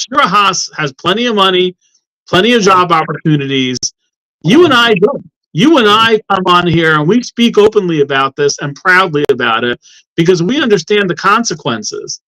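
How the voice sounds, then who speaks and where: A man's voice: sits high, sharp tone, low-quality recording. Impassioned indignant man on a show. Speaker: guest, law professor. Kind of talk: heated talk-show discussion.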